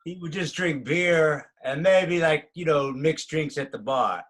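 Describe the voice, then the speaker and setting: A man's voice: fairly high pitch, measured pace, fairly bright tone. A man hosting a casual interview, laid-back, reacting with short sweary remarks. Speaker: interview host.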